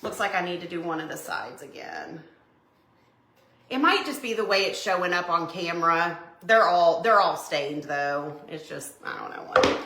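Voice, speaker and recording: A middle-aged woman hosting a crafting livestream, chatting excitedly with viewers as she works. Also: fairly low pitch, normal speed. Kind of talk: casual live chat while crafting. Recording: echoey room.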